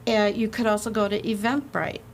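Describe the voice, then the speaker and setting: Animated woman with a gravelly edge. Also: mid-range voice, brisk, a little hiss or hum. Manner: animated, laughing, acts out quotes. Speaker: guest, haunted inn representative. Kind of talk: casual storytelling chat.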